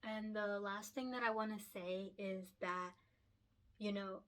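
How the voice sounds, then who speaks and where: A woman's voice: mid-range voice, steady tone, unhurried, fairly bright tone. A young woman who writes and illustrates picture books, talking casually and from the heart, often laughing and getting emotional. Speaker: picture book author and illustrator. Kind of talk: casual solo chat to camera.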